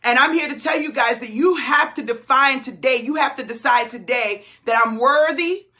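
A woman, a business coach giving a fired-up, tearful motivational talk on a group call, often shouting and repeating herself. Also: sits high, normal speed.

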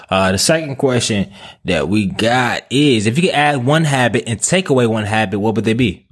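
A man hosts a casual podcast with a husky, mid-range voice, animated and at normal speed. Eager and friendly, he stammers through restarts, trips over repeated words, and calls his guest "man" and "bruh".

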